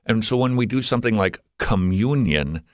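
A low-voiced man from Minnesota sits in as a guest on a ministry show. He trades quick jokes, then turns earnest when he makes a teaching point. The sound is dry and close, with no room around it. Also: animated, no room sound. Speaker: guest, Christian radio host. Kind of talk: conversational interview.

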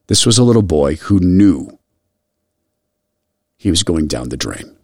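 A middle-aged man hosting a radio show, telling a personal story earnestly and softly and closing in prayer. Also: deep voice, lively intonation, unhurried, long pauses, breathy edge, no room sound, clean studio sound. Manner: earnest, soft storytelling that drops quiet when moved.

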